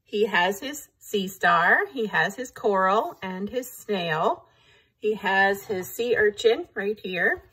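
Breathy woman reading a picture book. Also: medium pitch, expressive, takes it slowly, sharp tone. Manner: engaging, asks the listeners questions. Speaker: teacher reading to children.

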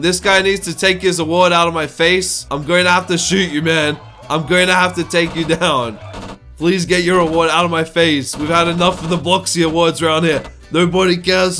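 A young man with a bright, forceful voice, sitting slightly high, riffs through a game with a joking, excitable energy. He fires off quick asides while music plays faintly behind him. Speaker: gaming YouTuber. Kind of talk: casual gameplay commentary.

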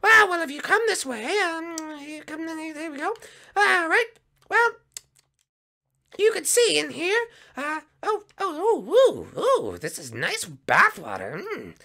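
A man's voice: very high voice, big pitch swings, slow, creaky, pushed and bright, voice pushed up, exaggerated voice. A man voicing a smug, bossy male butter creature in a lazy, lordly drawl for a game roleplay.

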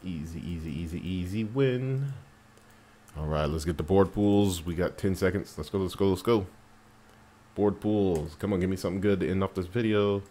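A man casually commentating his mobile game as he plays, getting excited and swearing at the game when it annoys him. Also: sits low, fairly quick. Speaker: mobile game player narrating gameplay.

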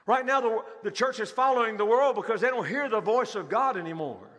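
High-voiced preacher in a reverberant hall. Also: male voice, lively intonation, a little fast, a bit bright. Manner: rhetorical questions to the congregation, repeats key phrases. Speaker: pastor. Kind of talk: sermon. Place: large church hall.

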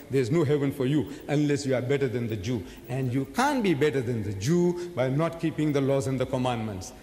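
A man giving a public lecture in an emphatic, rhetorical way, his voice swinging between loud and soft. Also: medium pitch, animated, a little fast, hardly any pauses. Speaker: religious lecturer. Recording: echoey hall from far off.

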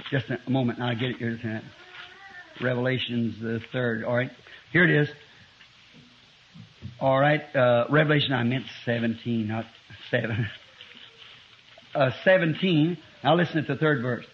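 A man in his fifties preaching a sermon to a congregation, climbing to loud emphatic lines and dropping to quiet asides. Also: medium pitch, moderate pace. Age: 50s. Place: church before a congregation. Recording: muffled lo-fi 1960s sermon tape.

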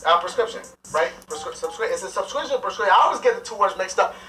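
A man's voice: high voice, animated, racing. A man playing a sloppy, crude clinic doctor who talks in a brash, offhand way. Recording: roomy, distant with faint noise.

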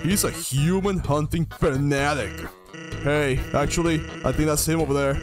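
A man voicing a laid-back, lazy male skeleton joker in a slow, low drawl, reading game dialogue on a livestream. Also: fairly even intonation, lightly acted. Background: game music.

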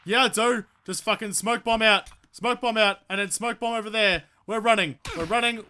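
Bright-voiced, profane gamer. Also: male voice, sits high, normal speed, few pauses, clear, resonant tone. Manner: profane, excitable, swings to angry shouting. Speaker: gaming YouTuber. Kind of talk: gameplay commentary.

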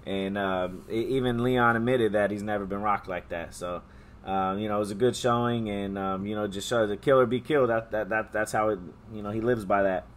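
A man from California, voice gone hoarse, chatting casually as a podcast co-host. He talks in a halting way, stopping and restarting with lots of fillers as he thinks aloud. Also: on the low side, fairly even intonation, slight background noise. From Stockton, California. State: hoarse, losing his voice. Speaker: podcast co-host, MMA betting picks. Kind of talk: casual chat.

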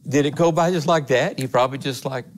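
A man preaching in an earnest, folksy way, his voice sitting at an ordinary middle pitch. He climbs into emphatic stretches and then drops back to quiet, personal asides. A faint hum of church ambience sits under his voice. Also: fast. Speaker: assistant pastor. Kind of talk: conversational sermon. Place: church sanctuary.

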